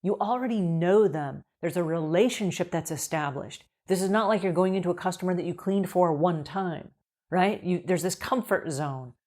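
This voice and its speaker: A woman's voice: on the low side, moderate pace. A middle-aged woman coaching house cleaners in an upbeat advice video, acting out quoted conversations with customers. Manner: upbeat, acts out quoted dialogue in lively voices. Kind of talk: advice video talking to camera.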